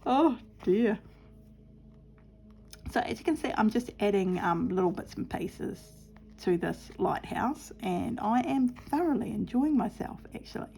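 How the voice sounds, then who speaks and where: A woman's voice: medium pitch, animated, unhurried, vocal fry, darkish tone. A middle-aged woman chatting cheerfully while sewing at her craft table, telling stories and laughing often. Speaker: craft vlogger.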